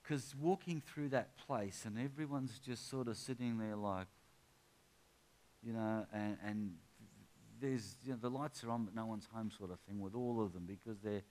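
A man preaching a sermon, telling a personal story in a chatty way and then rising into drawn-out, impassioned exhortation. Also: fairly low pitch, darkish tone.

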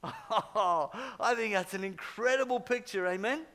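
Brief: middle-aged man preaching, slightly high voice, animated storyteller. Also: measured pace. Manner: animated storytelling, swinging from loud urging to hushed. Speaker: pastor. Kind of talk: sermon.

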